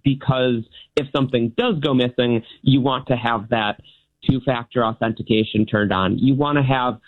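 A man's voice: medium pitch, fairly even intonation, normal speed. A male magician, a guest on a radio show, explaining things in a friendly, easygoing way. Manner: friendly, explanatory, laughs easily. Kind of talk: casual interview. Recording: tinny phone line.

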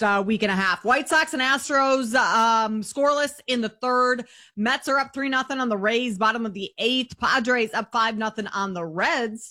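A woman hosting a sports betting show, running briskly through scores in a chatty studio manner. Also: on the high side, sharp tone.

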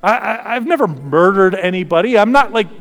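A man's voice: high-pitched, animated, brisk, pitched above the performer's own voice. A man acting out an incredulous, defensive man who insists he is too good to be punished, stammering as he protests. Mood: indignant. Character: indignant self-righteous man denying he is sinful. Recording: long hall reverb.

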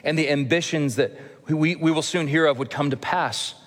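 A man preaching a sermon as a church pastor, earnest and gently humorous, with emphatic pauses. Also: fairly high pitch. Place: church sanctuary. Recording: long reverb of a church hall.

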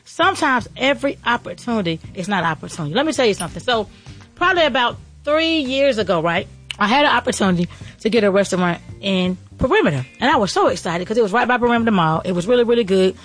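Woman, middle-aged, motivational faith talk, quick delivery, excited and preachy. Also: a little high. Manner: fast, excited, preachy, repeats phrases. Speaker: podcast host and restaurant owner.

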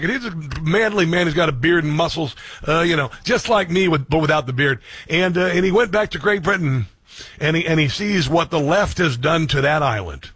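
A man's voice: a little high, a bit bright, breathy edge, dry recording. A man hosting a political commentary show, sarcastic and mocking, reacting to clips. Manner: sarcastic, mocking asides, repeats clip lines back.

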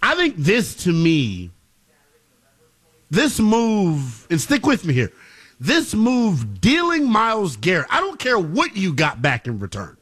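A man's voice: high voice, wildly swooping pitch, slow, a bit bright, breathy edge. A man co-hosting a sports talk show, giving emphatic, playful opinions. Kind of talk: animated sports debate.

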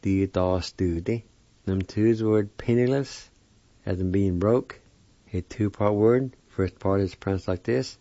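A man's voice: on the low side, moderate pace, mellow, dry recording, lo-fi sound. A man teaching a weekly language lesson, spelling and pronouncing words carefully syllable by syllable.

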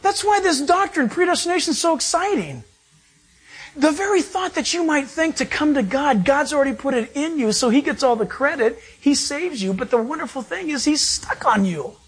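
A man preaching a sermon as pastor, animated and acting out quoted voices. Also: very high-pitched, normal speed, hardly any pauses.

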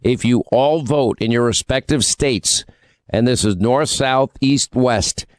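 A man's voice: medium pitch, slow pace, no room sound. A man hosting a political talk radio show, opinionated and teasing with callers.

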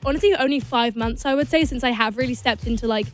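A woman's voice: fairly high pitch, quick pace, faint music behind. A young woman, a singer from England, chatting in an interview in a bubbly, giggly, gushing way. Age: young adult. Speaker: singer guest. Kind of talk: casual interview chat.

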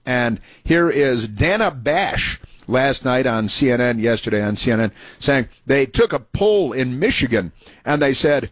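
A male talk radio host riffing through political commentary, sarcastic and mocking, stumbling over filler words as he goes. His voice sits at a middle pitch. It is recorded dry and close, with no room sound. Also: animated, normal speed, dry recording.

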